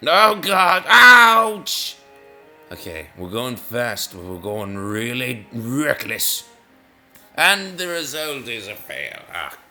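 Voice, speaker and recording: A man rambling aloud as he plays, drifting off topic and poking fun at himself. His voice is very bright and lively in pitch, with faint music under it. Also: slow pace. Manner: rambling, self-mocking, easily sidetracked. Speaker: gaming video host. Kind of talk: casual rambling gameplay commentary.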